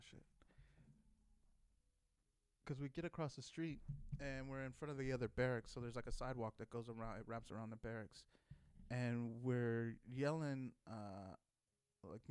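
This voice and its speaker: Young guy rambling thru a story, lots of swearing, smooth clear voice, dry close mic. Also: medium pitch, darkish tone, no room sound. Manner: rambling, profane, frequent restarts and laughs. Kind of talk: casual anecdote.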